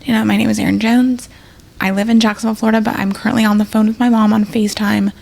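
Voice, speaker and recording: A woman's voice: a little high, little pitch movement, quick pace, creaky, a little mellow. A woman, an emergency nurse, telling a personal story as a podcast guest in a casual, rambling way, acting out what people said. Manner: rambling, full of fillers and acted-out quotes.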